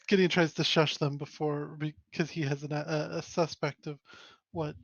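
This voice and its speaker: A man playing a tabletop game, making quick remarks and chuckling often, recorded on a dull, muffled mic. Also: on the high side, flat delivery, vocal fry, no echo. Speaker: player.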